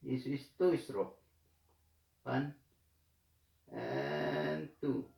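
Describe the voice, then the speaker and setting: A man teaching a language lesson in a slow, halting way, with many fillers and repeated words. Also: medium pitch, sing-song, gravelly, a little mellow. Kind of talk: slow hesitant tutorial explanation. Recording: echoey room.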